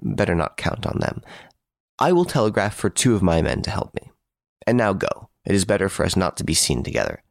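A man voicing a gruff, impatient middle-aged detective who speaks curtly and gives orders in an audiobook. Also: sits low, big pitch swings, fairly quick, no echo, clean studio sound, full character voice. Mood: commanding. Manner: curt, brusque, commanding. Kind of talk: audiobook character voice.

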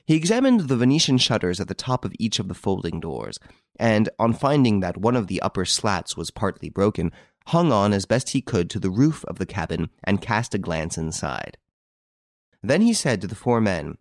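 A man narrating an audiobook in a scripted, expressive storytelling manner. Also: on the low side, moderate pace, no echo, clean studio sound.

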